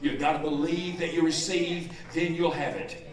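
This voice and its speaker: A man preaching a sermon in a church, moving from low steady talk to loud joyful shouts. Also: normal speed, echoey room, recorded from a distance. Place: church hall.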